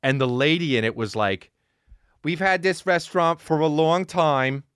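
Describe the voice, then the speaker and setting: A man riffing profanely on a comedic rant, animated and joking. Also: fairly high pitch, normal speed, smooth, dry recording, clean studio sound.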